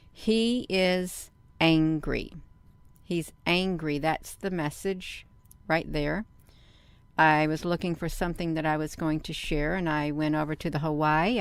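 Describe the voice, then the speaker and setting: A woman's voice: sits low, smooth, dry recording. A woman hosting her own channel in a casual vlog monologue, talking earnestly and folksily and repeating herself often. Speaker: channel host.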